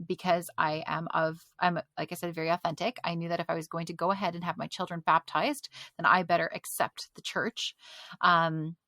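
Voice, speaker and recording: A woman telling a personal faith story as a podcast guest, animated and laughing often between lines. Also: fairly low pitch, fairly quick, no room sound. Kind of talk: casual faith testimony.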